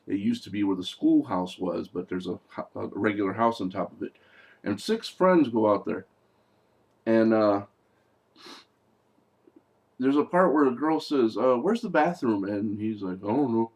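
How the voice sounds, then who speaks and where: A man's voice: lowish voice, expressive, measured pace, long pauses, darkish tone. A young man giving a casual, mocking movie review, talking loosely and acting out lines.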